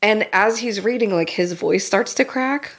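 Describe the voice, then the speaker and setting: A woman co-hosting a podcast, chatting casually with friends. She talks in an animated way, swears freely and breaks into laughter. Her voice sits at an ordinary middle pitch. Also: moderate pace. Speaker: podcast co-host. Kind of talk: casual chat.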